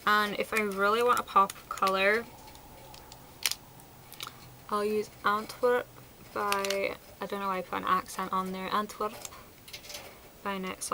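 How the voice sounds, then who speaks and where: A woman's voice: medium pitch, pushed and bright, slight background noise, low-quality recording. A woman chatting casually through a product review, enthusiastic and sprinkled with fillers. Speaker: beauty vlogger.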